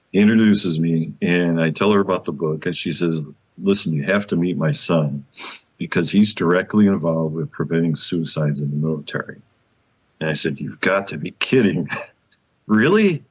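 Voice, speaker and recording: A man with a very low voice recounts a story as a guest in an interview, acting out the back-and-forth and laughing as he goes. The sound is a little dull and muffled, like a modest remote recording. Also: moderate pace, slightly rough. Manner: animated, laughs often, acts out quoted dialogue. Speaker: guest author.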